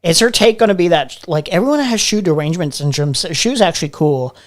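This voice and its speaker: A man's voice: fairly high pitch, animated, fast. An American man hosting a livestream, chatting casually while reacting to clips, laughing often, swearing and repeating himself. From United States. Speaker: livestream host. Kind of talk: casual reaction stream commentary.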